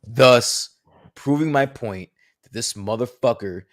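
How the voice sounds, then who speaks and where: Here is a man with a mid-range voice, co-hosting a casual podcast chat. He is animated and provocative, and he swears a lot. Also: mid-range voice, takes it slowly. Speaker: podcast co-host.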